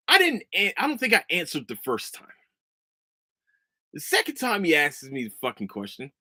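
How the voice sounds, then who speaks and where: A man's voice: a little high, wildly swooping pitch, normal speed, bright, forceful tone, husky, dry recording, clean studio sound. A man in his thirties hosting a podcast, telling a story as a profane, heated rant. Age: 30s. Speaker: podcast host. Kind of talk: casual chat.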